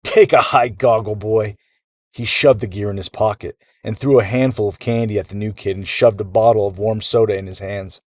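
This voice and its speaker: A man with a low, deep voice narrates a children's bedtime story. He tells it in a lively, animated way, recorded close and dry. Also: brisk, hardly any pauses, dry recording.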